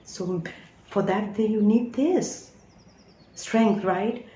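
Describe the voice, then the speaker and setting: A woman's voice: medium pitch, slow, dark tone, a little hiss or hum. Woman, spiritual teaching talk, earnest and preachy, checks in with listeners, roomy echo. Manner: earnest, preachy, asks listeners if they follow. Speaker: spiritual reader.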